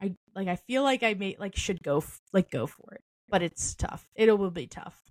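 A young woman with a medium-pitched voice and lively intonation co-hosts a podcast at a moderate pace, with no room sound. Chatty and easygoing, she laughs often and leans heavily on "like" and "um."

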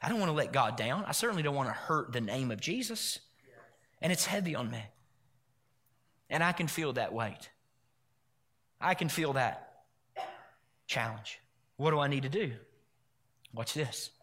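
A man's voice: medium pitch, expressive, normal speed, pauses often, a bit bright. A man preaching a sermon as pastor, leading his congregation in call-and-response and repeating phrases. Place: church.

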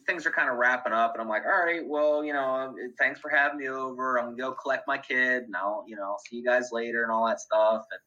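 A man tells a story as a guest in a casual chat, laughing and filling gaps with "like" and "you know". His voice is very bright and sharp. The sound is muffled and lo-fi. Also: medium pitch. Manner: laughs often, filler-heavy.

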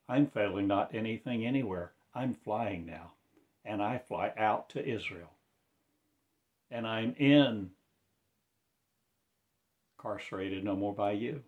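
Heard in lo-fi sound, a man with a lowish voice gives a slow, incantatory prophetic monologue that rambles and bursts into loud proclamations.

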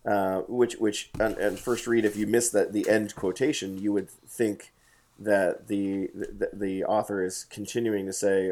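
A man's voice: lowish voice, fairly even intonation, a little slow, darkish tone. A man leading a casual bible study conversation, hesitant with many fillers and restarts, reading scripture aloud. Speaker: bible study discussion leader.

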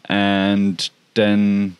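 A man tells a personal story in a casual, meandering way. His voice sits on the low side, and he keeps circling back with "like" and restarts. The sound is dry and close. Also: completely flat delivery, extremely slow, clear, resonant tone, no room sound, lo-fi sound. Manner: rambling, heavy use of "like" and restarts. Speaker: pet owner telling a personal story.

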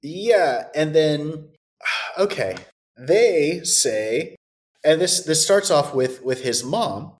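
A podcast co-host with a very animated voice that swoops up and down in pitch. They recap a horror movie in loose, sarcastic chat and swear without a second thought. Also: extremely slow.

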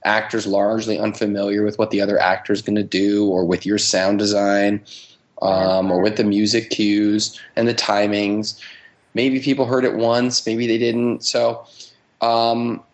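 Brief: male director guest, lowish voice, intense and emphatic about his work. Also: little pitch movement, a little slow. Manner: emphatic, driven, talks about craft intensely. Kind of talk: casual interview talk.

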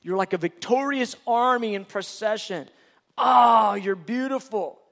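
Brief: high-pitched male preacher, emphatic, repetitive, rhetorical questions. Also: moderate pace. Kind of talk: sermon.

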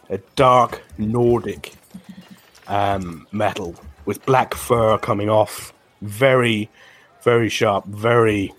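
A man narrates a tabletop fantasy game as its game master. His voice is low-pitched and he talks slowly. He halts often, with fillers and restarts. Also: a bit bright. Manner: halting, with many fillers and restarts.

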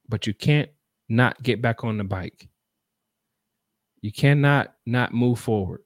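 A man's voice: medium pitch, a little slow, long pauses, dry recording, studio quality. A man, earnestly telling a personal story in a conversational, repetitive way to make a motivational point.

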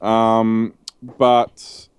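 An Australian man on a casual chat show, telling meandering stories with plenty of ums and false starts. His voice is fairly low and smooth. The recording is dry and close. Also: monotone, drawn-out words, dry recording. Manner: rambling anecdotes with many ums and restarts. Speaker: co-host.

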